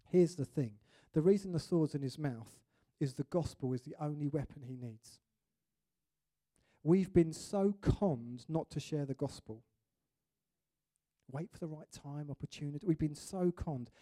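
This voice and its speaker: A man preaching a sermon in an animated way, acting out little scenes and voices. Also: on the high side, unhurried.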